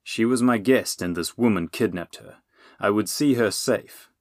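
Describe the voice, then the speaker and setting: A man's voice: fairly low pitch, a little slow, dry recording, studio quality, close to an everyday voice. Man voicing a stern, suspicious sheriff. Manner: demanding, intoning.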